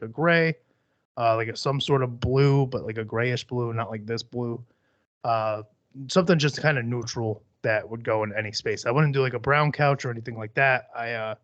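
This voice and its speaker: A man's voice: mid-range voice, fairly bright tone, no room sound. A young man hosting a casual solo podcast, rambling bluntly with lots of swearing and fillers. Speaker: podcast host. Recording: slightly dull, dry sound.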